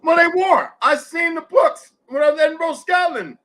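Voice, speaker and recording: A middle-aged man with a high, bright voice hosts a casual live audio discussion. He talks bluntly and curses freely, telling stories in a plain, direct way. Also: moderate pace. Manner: blunt, profane storytelling. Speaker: host.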